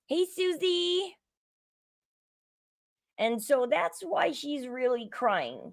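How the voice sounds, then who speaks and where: A woman's voice: a little high, no echo. A woman hosting her own show, giving indignant, opinionated commentary on a reality show and repeating herself as she builds each point. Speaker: show host.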